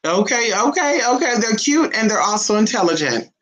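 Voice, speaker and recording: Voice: big pitch swings, moderate pace, fairly bright tone. Brash, sassy vlogger who swears a lot. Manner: calls everyone "honey", swears freely, jumps to a high squeaky voice when teasing the dog. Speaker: vlogger talking to the camera and to a pet dog. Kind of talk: casual, profane home vlog. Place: indoors at home. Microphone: phone or camera set down nearby.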